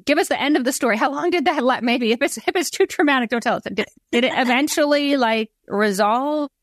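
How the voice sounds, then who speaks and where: A woman's voice: high voice, a little fast, dry recording, clean studio sound. A woman co-hosting a talk show, asking sympathetic follow-up questions. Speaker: co-host.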